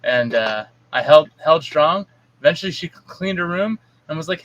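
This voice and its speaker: A man's voice: fairly high pitch, animated, moderate pace, lo-fi sound, noisy background. A man on a podcast in casual chat, blunt and swearing, telling stories about parenting. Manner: blunt, swears, acts out his stepdaughter in quotes. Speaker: podcast co-host.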